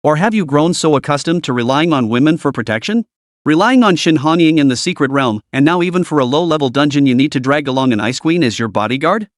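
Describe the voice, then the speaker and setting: A man's voice: fairly high pitch, expressive, fast, no echo, studio quality, natural voice. A man voicing a jealous, sneering young male student who taunts his rivals in a storybook recap. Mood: taunting. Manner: mocking, taunting.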